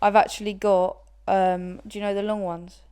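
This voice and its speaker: A young woman in her twenties co-hosts a podcast, chatting casually, laughing often, and swearing freely. Her mid-range voice is warm and level, at a moderate pace.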